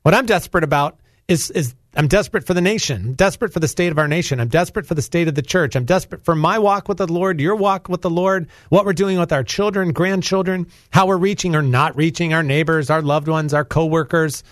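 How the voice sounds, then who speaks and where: A charged-up man from North Carolina delivers a Christian talk radio monologue, preachy and emphatic. His voice sits a bit high for a man. The sound is dry and close, with no room around it. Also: fast talker, dry recording. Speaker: guest radio host. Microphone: studio microphone.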